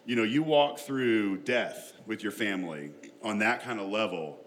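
A man's voice: on the low side, measured pace, a bit bright. Guy telling a family story, laughs a lot, pokes fun at himself, bit of hiss behind. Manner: chatty, self-deprecating, laughs often. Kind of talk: personal storytelling to an audience.

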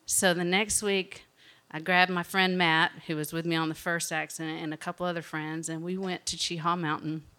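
A woman from Alabama with a Southern accent, telling a personal story in an animated, chatty way. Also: lowish voice, moderate pace, clean tone. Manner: animated, chatty, often laughing.

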